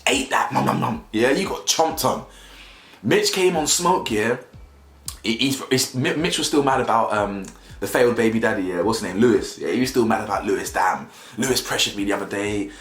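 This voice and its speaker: A man's voice: medium pitch, moderate pace, a bit bright. A young man giving slangy, mocking casual commentary as a video reviewer, laughing often. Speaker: YouTube reviewer. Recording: roomy echo, faint music.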